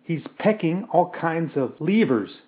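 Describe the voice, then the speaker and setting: A man voicing a bold, curious young woman adventurer who makes quick, excited observations. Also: a little high, pitched above the performer's own voice. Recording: tinny phone-like audio.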